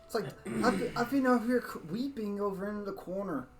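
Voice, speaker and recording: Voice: mid-range voice, a little fast, recorded from a distance, music in the background, pitched above the performer's own voice, natural voice. A game master voicing a sly, mocking male devil merchant who teases and gloats. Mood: mock-innocent. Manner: teasing, gloating.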